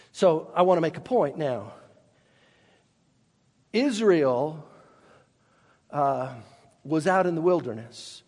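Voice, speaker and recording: A man's voice: high-pitched, in a large hall. A man preaching a sermon as pastor, emphatic and given to repeating words as he restarts.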